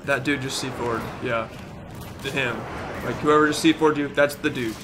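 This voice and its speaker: A young man streaming a shooter game, excitedly narrating, shouting and laughing as he repeats himself. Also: mid-range voice, moderate pace, noisy background. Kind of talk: excited gaming stream commentary.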